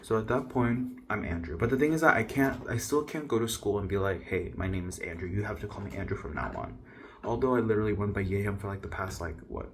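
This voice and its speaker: Young man vlogging, low voice, faint room hum, chatty self-mocking story. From South Korea. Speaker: YouTuber. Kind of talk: casual storytelling to camera.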